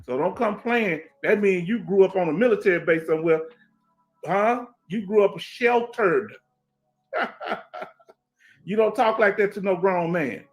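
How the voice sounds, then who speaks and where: Man, middle-aged, Houston accent, casual livestream host, emphatic and repetitive, slightly high voice, faint background music. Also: moderate pace, pauses often. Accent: Houston Black American English. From Houston, Texas. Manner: streetwise, emphatic, repeats himself, asks "you understand?". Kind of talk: casual livestream chat reading comments. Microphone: headset.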